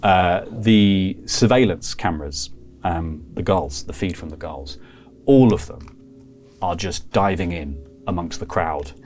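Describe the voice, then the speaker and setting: A man's voice: sits low, measured pace, a little mellow, faint music behind. A man narrating as game master of a tabletop horror game, describing scenes loosely and vividly. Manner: loose, vivid, full of fillers.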